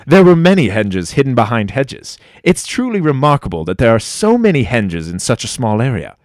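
An earnest archaeologist who plods through his findings, as a man plays him in a comedy sketch. His pitch swings in a very animated way. The recording is dry. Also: normal speed, no room sound, lightly acted. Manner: earnest, plodding, repeats henge. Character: pompous English archaeologist knighted, middle-aged man.

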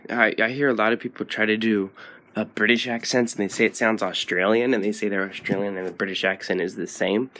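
Low-voiced man leaving a rambling voice message. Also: steady tone, brisk, pushed and bright. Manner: meandering, friendly, chuckling. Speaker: listener caller. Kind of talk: recorded voice message.

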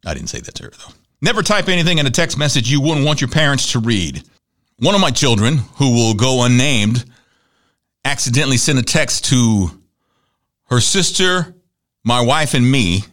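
A middle-aged man hosting a talk show, telling stories in a chatty, animated way and acting out the people he quotes. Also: mid-range voice, moderate pace. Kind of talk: conversational monologue.

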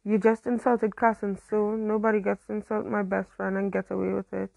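A woman's voice: mid-range voice, flat delivery, a little fast, creaky, a little mellow, no echo, poor audio. A woman voicing a snide, mocking teenage mean girl in a story read aloud.

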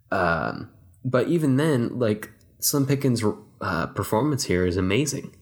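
A man's voice: lowish voice, animated, unhurried. A young man who grew up in Texas, co-hosting a casual film podcast, rambling with lots of fillers and restarts. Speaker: podcast co-host.

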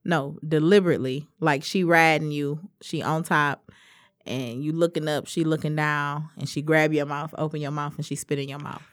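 A woman's voice: sits low, steady tone, moderate pace. A woman in her thirties co-hosting a podcast, telling blunt, frank stories with slang in casual chat. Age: 30s. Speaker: podcast co-host.

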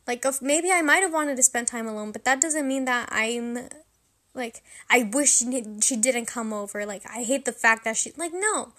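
A young woman hosting a podcast, rambling through a personal story in a casual, self-deprecating way. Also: high-pitched. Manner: rambling, self-deprecating, animated when quoting herself.

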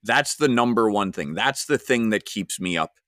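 A man's voice: fairly low pitch, expressive, normal speed, a bit bright, no room sound, clean studio sound. A man hosting a podcast, telling a travel story wryly before moving into casual commentary. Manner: conversational, wry, with fillers and restarts. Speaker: podcast host.

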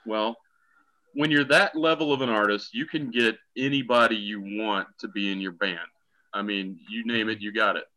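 A middle-aged man with a bright, forceful voice chatting on a podcast. He tells stories in a wry, joking way. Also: on the low side, fairly even intonation, moderate pace, poor audio. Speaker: podcast guest, a co-host's father. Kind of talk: casual chat.

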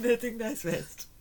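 A woman's voice: fairly high pitch, a little hiss or hum. A woman co-hosting a podcast in casual chat, teasing and swearing, laughing often. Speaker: podcast co-host.

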